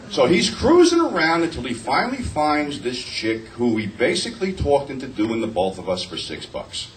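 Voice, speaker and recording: A man in his fifties, a panel guest, telling profane, animated anecdotes and acting out the quotes, picked up from a distance with faint noise. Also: mid-range voice, moderate pace. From New Jersey. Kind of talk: casual convention panel storytelling. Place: convention panel room.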